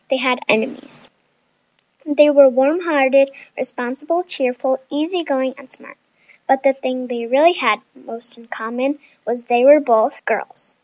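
A woman reading a storybook aloud, slowly and carefully, pausing through lists. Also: high voice, a little mellow, dry recording, lo-fi sound.

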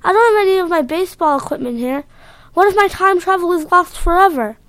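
A woman voicing an anxious young boy who can time travel, talking in a breathless, excitable way. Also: very high-pitched, fast, dry recording, voice pushed up. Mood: worried.

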